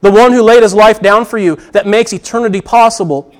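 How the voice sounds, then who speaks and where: Pastor, male, high voice, earnest sermon delivery that poses questions and answers them. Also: steady tone, fairly quick. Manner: earnest, repeats key phrases, asks and answers questions.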